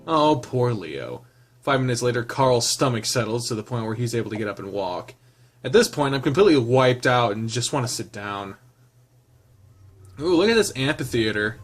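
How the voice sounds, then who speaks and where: A man reading a visual novel aloud and reacting with frequent laughter. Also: mid-range voice. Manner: laughs often, reacts loudly. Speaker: let's play host reading a visual novel. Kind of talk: casual game reading with reactions.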